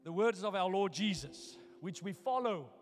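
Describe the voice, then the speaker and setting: A male pastor preaching a sermon, moving from hushed, personal storytelling to loud, daring challenges to the congregation. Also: high voice, animated, normal speed, big-room sound. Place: church hall.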